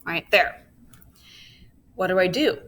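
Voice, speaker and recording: A woman's voice: on the low side, animated, slow, fairly bright tone. A woman teaching a recorded physics lesson, walking through each step and checking in with her students, with playful asides. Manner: walks through steps, checks in with "okay?".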